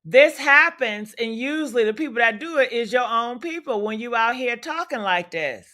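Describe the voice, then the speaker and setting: Sassy, profane high-voiced woman host. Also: lively intonation, normal speed, bright, forceful tone. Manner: profane, sassy, combative, rhetorical questions. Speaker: livestream commentary host. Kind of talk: loud unfiltered gossip commentary.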